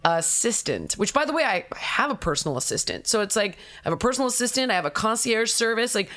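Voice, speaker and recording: A middle-aged woman talking casually as a podcast guest, blunt and profane, telling animated stories. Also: on the high side, quick pace. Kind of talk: casual roundtable talk.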